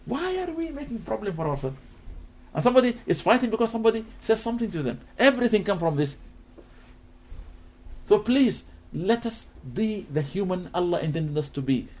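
A man giving a sermon, reciting Arabic verses and explaining them in English, acting out little dialogues. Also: high voice. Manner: animated, mixes Quranic Arabic recitation with English teaching, acts out dialogues. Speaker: preacher.

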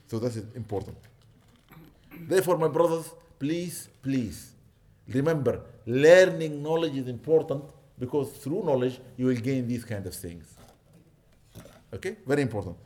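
A man's voice: mid-range voice, lively intonation, fairly quick, darkish tone. A man preaching as a sheikh and teacher. He recites lines in Arabic and explains them in English, and he stresses his points with repeated "okay?". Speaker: sheikh and teacher at an Islamic school. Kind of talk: religious lecture.

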